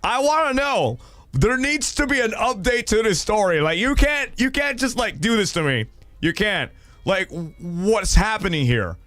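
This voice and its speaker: Young man, high lively voice, loud excitable streamer, dry close sound. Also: normal speed, no room sound. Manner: loud, excitable, swearing, bursts of laughter. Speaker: streamer host. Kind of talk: reading viewer stories on stream.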